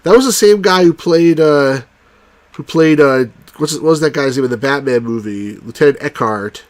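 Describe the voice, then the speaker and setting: A man's voice: a little high, normal speed. A man giving casual, jokey commentary while playing an old computer game. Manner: excitable, jokey, does movie impressions. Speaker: let's play host.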